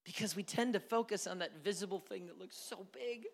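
A male pastor preaching a sermon in a church, animated and dramatic, sometimes dropping to near-whispers. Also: high-pitched, fairly quick, creaky. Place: church sanctuary. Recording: long church reverb.

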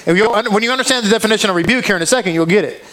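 A man's voice: high voice, very fast, fairly bright tone, slight background noise, low-quality recording. A male preacher delivering a sermon to a congregation, reading scripture aloud and driving points home with emphatic rhetorical questions. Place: congregation with a control booth.

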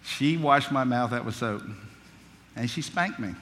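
A man's voice: medium pitch, a little slow, a bit bright, in a large hall, slight background noise. A man preaching a sermon, telling childhood stories in a folksy, humorous way. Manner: folksy storytelling, humorous asides.

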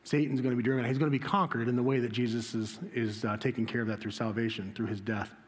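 Animated male pastor preaching in a hall. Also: fast talker. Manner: animated, voice jumps high when quoting Jesus. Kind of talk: sermon. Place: church.

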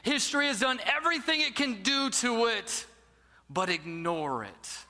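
A man preaching a sermon as a storyteller, who drops to a near-whisper at key moments. His voice sits high and bright. A long church reverb trails each phrase. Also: animated, measured pace. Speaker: pastor.

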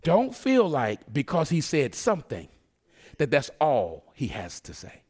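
Male preacher, high-pitched and expressive, casual joking sermon delivery. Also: measured pace, slightly rough. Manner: conversational, joking preaching with acted asides.

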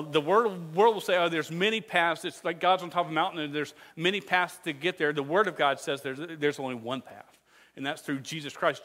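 Playful, energetic pastor on a slightly high voice, leading a call-and-response sermon in a hall with a long echo. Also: male voice. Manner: jokey, energetic, leads the crowd in call-and-response. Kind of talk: playful sermon teaching memory verses with hand motions.

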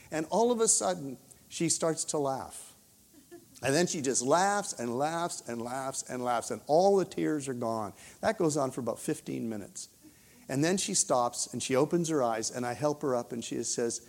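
A man, possibly, preaching a sermon through a personal story, swinging between lively emphasis and hushed quoted prayers. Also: mid-range voice, normal speed.

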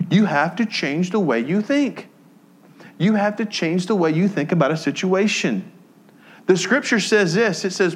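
Pastor preaching a storytelling sermon. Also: male voice. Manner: storytelling, drops soft and low when moved, then lifts to emphatic teaching.

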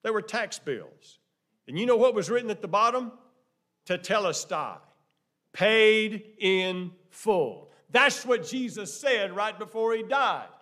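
A man preaching a sermon, dropping to hushed tones and rising to loud, emphatic exclamations with lots of repetition. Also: high voice, lively intonation, moderate pace.

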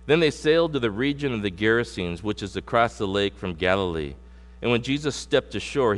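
Animated male preacher in a reverberant hall. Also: fairly low pitch. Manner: animated preaching with sudden loud emphasis and slowed scripture reading. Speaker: pastor. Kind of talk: sermon. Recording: long hall reverb with mains hum.

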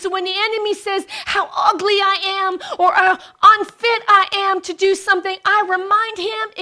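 A woman's voice: extremely high pitch, steady tone, moderate pace, hardly any pauses, pushed and bright. A middle-aged woman preaching a sermon with passion, rising to emphatic declarations.

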